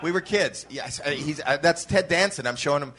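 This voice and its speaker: A man in his late fifties, a comedian, telling animated stories in a casual podcast chat and acting out his own shouts, with swearing along the way. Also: a little high, fairly quick. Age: 50s. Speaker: comedian guest.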